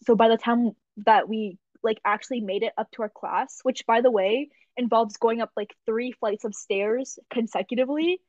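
A woman's voice: a little high, moderate pace, hardly any pauses, dry recording. Young adult female host, casual storyteller, lo-fi dry mic. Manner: animated, laughs often, lots of "like" fillers. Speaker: podcast host. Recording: dull lo-fi dry recording.

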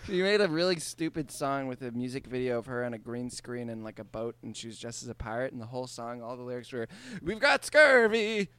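A man co-hosting a comedy podcast, excitable, laughing often and swearing casually. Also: medium pitch, fast, hardly any pauses, clean tone, dry recording. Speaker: podcast co-host.

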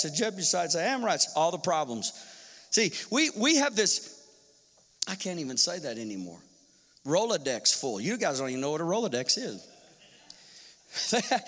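A male pastor preaching a sermon in an animated style, firing off rhetorical questions and acting out quotes. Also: sits high. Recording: long hall reverb.

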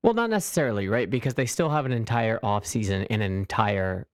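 A man co-hosting a casual sports podcast, talking in an animated way, swearing freely and acting out quotes in a mocking voice. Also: fairly low pitch, fairly quick, no echo. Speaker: podcast co-host.

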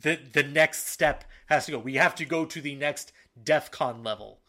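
Animated man hosting a soccer podcast. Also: on the high side, normal speed. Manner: animated, fired-up, with frequent fillers and restarts. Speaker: podcast co-host. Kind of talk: casual sports podcast talk.

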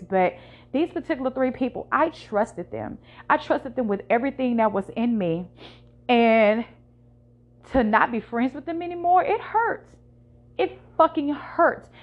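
Candid woman with a slightly high voice. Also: muffled recording. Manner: candid, emotional, conversational with slang. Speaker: podcast host. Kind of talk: personal confessional monologue.

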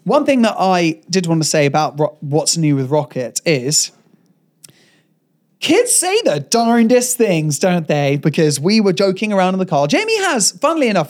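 Brief: male podcast co-host, lively swooping delivery, playful anecdote teller. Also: high voice. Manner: animated storytelling, playful. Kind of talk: casual chat.

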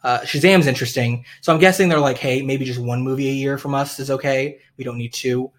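A man's voice: mid-range voice, steady tone, brisk. A young man hosting a casual podcast, rambling with many fillers and frequent laughter. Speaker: podcast host. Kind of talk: casual chat.

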